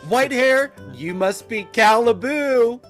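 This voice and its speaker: A man's voice: extremely high pitch, takes it slowly, soft background music, pitched above the performer's own voice. A man voicing a wiry, eccentric male gnome tinkerer who chatters in a sing-song way, full of surfer slang. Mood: excited.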